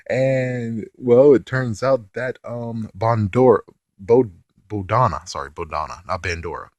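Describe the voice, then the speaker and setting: A man's voice: medium pitch, slow, a little mellow, no echo. A man reviewing a TV episode in a casual rant, swearing offhandedly and laughing often.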